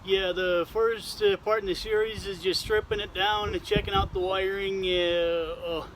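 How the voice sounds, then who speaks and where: A man hosting his own vlog in a casual, halting way, with a congested, nasal voice and many fillers. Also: high-pitched, level tone, fairly bright tone, slight background noise. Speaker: vlog host.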